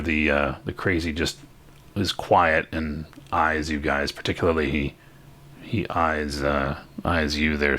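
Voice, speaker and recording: A man narrating a tabletop game as game master, halting and full of fillers. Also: a bass voice, a bit bright.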